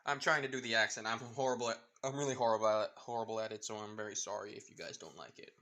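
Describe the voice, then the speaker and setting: A man's voice: on the low side, steady tone, fast talker, bright, forceful tone. A man casually retelling a fan story, rambling with many fillers and losing track of names.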